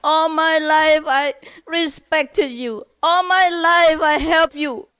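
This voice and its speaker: A woman's voice: sits high, fairly even intonation, slow, a bit bright, pitched above the performer's own voice. A woman voicing a betrayed father, near tears, reproaching his best friend. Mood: reproachful. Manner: emotional, reproachful.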